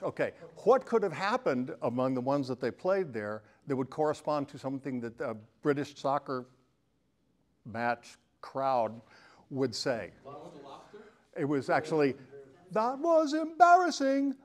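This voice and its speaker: A man's voice: mid-range voice, expressive, unhurried, a bit bright. An older man giving a casual presentation to a live audience, chatty and joking, bantering with the crowd. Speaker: talk presenter.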